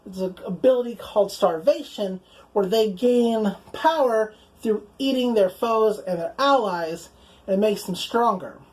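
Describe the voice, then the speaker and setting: A young woman casually recapping anime episodes, chatty and relaxed, full of "like" and casual swearing. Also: medium pitch, a little slow, low-quality recording. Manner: chatty, fills speech with "like", swears casually, acts out quoted lines in passing. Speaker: anime reviewer.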